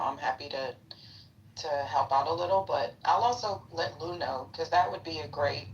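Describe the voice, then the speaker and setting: Middle-aged woman, deep voice, brash, profane, blunt, distant off-mic sound. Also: slight background noise. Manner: confrontational when calling someone out. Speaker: speaker in a live audio chat room. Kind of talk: casual chat.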